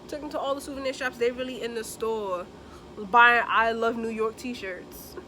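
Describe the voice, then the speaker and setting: A young woman vlogger chatting casually through a storytime as she does her makeup, lively and expressive, acting out the people in her story. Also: on the high side, unhurried, a little hiss or hum. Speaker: beauty vlogger.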